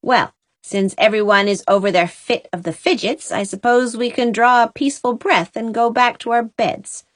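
A woman's voice: medium pitch, brisk, no echo, natural voice. A woman voicing a sour, shrewish elderly aunt in a storybook reading, peevish and plaintive.

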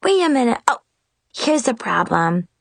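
A woman's voice: big pitch swings, moderate pace, creaky, heavily acted. A woman doing a chirpy, bossy fairy godmother. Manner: high, bright and chirpy. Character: bubbly young female fairy godmother, bossy and flustered.

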